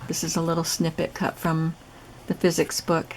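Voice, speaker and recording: A woman with a lowish, gravelly voice talks through a craft project in a relaxed, chatty way, explaining each step as she goes. The recording carries clear background noise and clicks. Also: normal speed. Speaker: craft channel host. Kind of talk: casual crafting demonstration.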